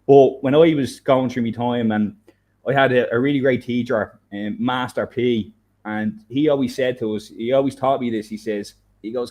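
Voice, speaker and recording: A man in casual conversation who rambles and thinks out loud, restarting his sentences often. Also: medium pitch, fairly even intonation, normal speed. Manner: rambling, many restarts and fillers, thinks aloud. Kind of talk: casual chat.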